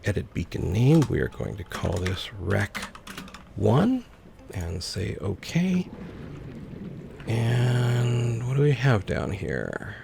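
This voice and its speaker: Man, gameplay commentary, unhurried, heavy fry, faint background noise. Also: fairly low pitch, big pitch swings. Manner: musing, talks to himself while playing. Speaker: let's play host.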